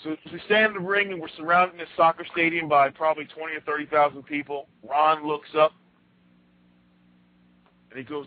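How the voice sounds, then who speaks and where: A male radio host telling a story on a roundtable and handing the talk to his guests, animated and prone to doubled-up restarts. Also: a little high, a little fast, pauses often. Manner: animated, repeats words as he restarts. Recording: tinny phone line.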